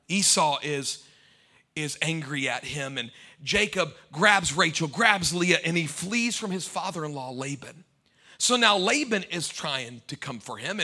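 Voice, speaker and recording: A man preaching a sermon as pastor to a congregation, animated and humorous, swinging between loud outbursts and quiet asides. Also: high-pitched. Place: church before a live congregation.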